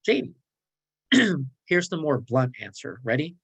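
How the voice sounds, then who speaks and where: A man's voice: on the high side, big pitch swings, fairly bright tone, breathy edge, rough recording. Sarcastic man giving a clinical training. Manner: sarcastic, role-playing colleagues in quick dialogue. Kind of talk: online training presentation.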